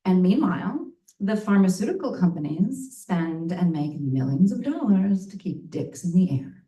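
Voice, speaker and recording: A woman's voice: lowish voice, sing-song, normal speed, dark tone. Woman storyteller, frank and bawdy, plays to the crowd; roomy live-venue sound, heard from a distance. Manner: frank, bawdy and playful, laughing at her own lines. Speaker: storytelling performer. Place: live venue in front of an audience. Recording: roomy audience mic from a distance.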